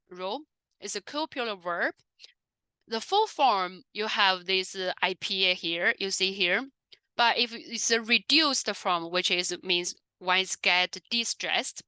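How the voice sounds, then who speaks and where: A woman's voice: mid-range voice, pushed and bright, no room sound. A woman giving an academic research talk, explaining step by step with frequent fillers and self-corrections. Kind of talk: academic conference presentation.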